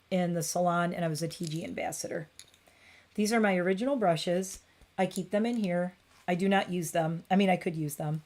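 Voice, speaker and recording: A woman's voice: fairly low pitch, darkish tone. A woman in her forties chatting casually on a beauty livestream from her home bathroom, rambling and cooing at her cat.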